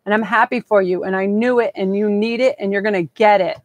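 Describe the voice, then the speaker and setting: A woman's voice: mid-range voice, fairly even intonation, brisk, no room sound. A woman giving a live-streamed tarot reading in an effusive, breathless, gushing way. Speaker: tarot reader.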